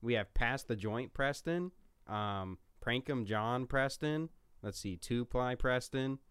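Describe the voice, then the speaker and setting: A man's voice: medium pitch, animated, takes it slowly, fairly bright tone, clear, resonant tone, no echo. A man acting as the producer of a casual podcast, reading listener chat suggestions aloud with playful mock authority. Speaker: show producer.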